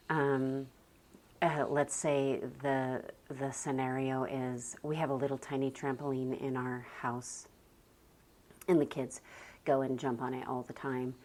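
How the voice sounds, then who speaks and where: Woman, homeschool mom vlogging, very deep voice, calm and soft-spoken, sighs between thoughts. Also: measured pace. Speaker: homeschooling mother and parenting vlogger. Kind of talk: casual reflective talk to camera.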